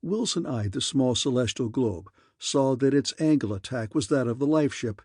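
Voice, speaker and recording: Brief: male narrator reading classic sci-fi, husky and dry, close to the mic. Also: medium pitch, normal speed, hardly any pauses, dry recording. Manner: steady storytelling. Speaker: audiobook narrator. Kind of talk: scripted narration.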